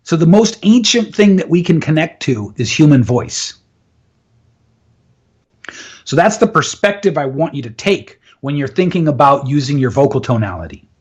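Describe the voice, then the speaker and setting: A man's voice: a little high, expressive, moderate pace, slightly rough, highs cut off. A man in an interview, enthusiastically explaining voice and communication techniques and often laughing. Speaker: voice and communication coach.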